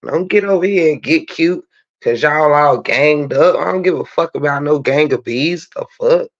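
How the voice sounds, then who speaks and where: A man, hosting his own channel and roasting critics in a profane, taunting, drawn-out sassy rant. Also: fairly high pitch. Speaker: channel host. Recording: dull lo-fi stream audio.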